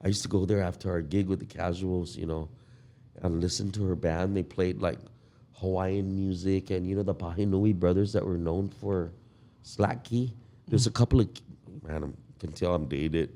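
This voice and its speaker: Older male musician, very low voice, unhurried and reminiscing. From Guam. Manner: relaxed, reminiscing, drawn-out storytelling. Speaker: guest musician. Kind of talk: casual podcast conversation.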